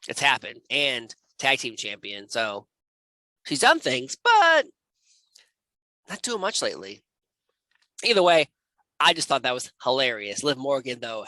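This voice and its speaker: A man hosting a casual comedic wrestling reaction show, animated and jokey, laughing often as he talks close to the mic. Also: mid-range voice, no room sound, rough recording.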